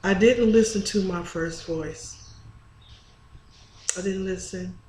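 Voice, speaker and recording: A woman's voice: mid-range voice, slow pace, a little mellow. A woman speaks straight to her viewers in an open, confessional vlog, earnest and unguarded, often breaking off and restarting her sentences. The room around her is echoey, with a faint hum of ambience underneath. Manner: earnest and candid, with frequent restarts. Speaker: spiritual vlogger. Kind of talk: casual confessional vlog monologue.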